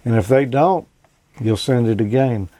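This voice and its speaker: Male host, folksy relaxed explainer, dry close recording. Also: mid-range voice, measured pace, no room sound. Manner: relaxed, folksy, plenty of "you know" and "uh". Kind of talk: casual technical explanation.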